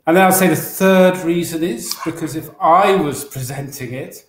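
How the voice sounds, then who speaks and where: With a voice on the high side and a normal pace, this English podcast co-host chats casually and excitedly. He wanders from point to point with lots of restarts, recorded in an echoey room.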